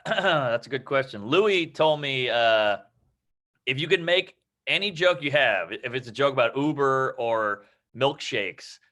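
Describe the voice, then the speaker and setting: A man coaching comedy, riffing loosely on joke ideas and acting out quick bits of dialogue. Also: mid-range voice, pushed and bright. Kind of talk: casual joke workshopping.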